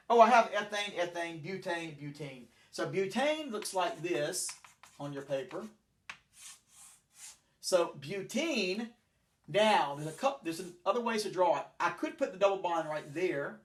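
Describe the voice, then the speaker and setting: Rambling male chemistry teacher. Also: on the high side. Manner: rambling, self-correcting, talks while building models. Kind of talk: classroom lecture with chalkboard and models.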